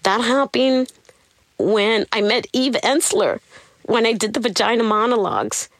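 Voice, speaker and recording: A woman's voice: on the high side, unhurried, no echo. A woman being interviewed, telling her life story candidly and with animation. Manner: candid, animated, tells her story acting out what others said. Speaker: interview guest. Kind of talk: personal storytelling.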